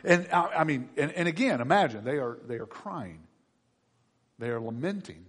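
A man preaching a sermon as a pastor, dramatic, dropping to a hush and then rising high and loud. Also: animated, normal speed, husky. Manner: dramatic, swings from hushed to shouting. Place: church. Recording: long reverb of a large hall.

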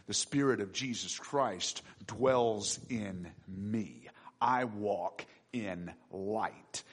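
A man preaching a sermon with emphatic delivery and sudden loud peaks. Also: fairly low pitch, drawn-out words, breathy edge. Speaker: pastor.

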